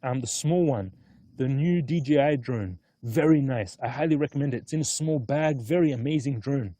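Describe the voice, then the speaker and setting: A man chatting casually on a live stream from an outdoor hilltop, easygoing and often excited. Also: medium pitch, normal speed, no room sound. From Australia. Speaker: stock market vlogger.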